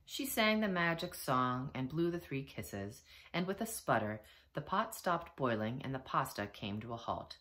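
A woman teacher reading a storybook aloud to children from home, expressive and gentle. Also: a bass voice, a little slow.

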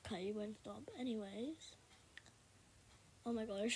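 A young woman chatting casually while she plays a game for her video, rambling and now and then bursting out loudly. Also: on the high side, steady tone, measured pace, pauses often, slightly rough. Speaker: gaming video creator. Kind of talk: casual gameplay commentary.

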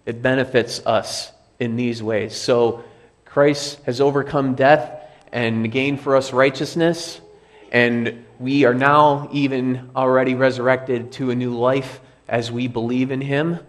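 A man's voice: mid-range voice, little pitch movement, unhurried. Man preaching a conversational sermon. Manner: conversational preaching with repeated phrases. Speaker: pastor. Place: church sanctuary.

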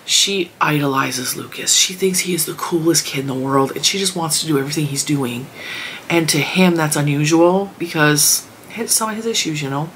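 A woman's voice: deep voice, normal speed, fairly bright tone, a little hiss or hum. A woman vlogger rambling casually about her week and her crochet projects. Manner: chatty, rambling storytelling. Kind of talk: casual chat.

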